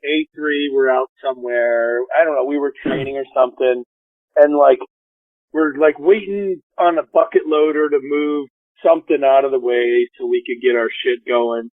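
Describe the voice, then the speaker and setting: A man hosting a podcast, telling a story in a casual, profane, animated way and acting out the people he quotes. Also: medium pitch, moderate pace, no echo. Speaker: podcast host. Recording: phone-line call audio.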